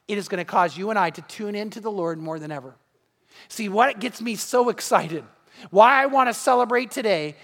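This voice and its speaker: A man preaching a sermon as a pastor, emphatic and animated, often asking the congregation questions. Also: high voice, long reverb tail. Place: large church.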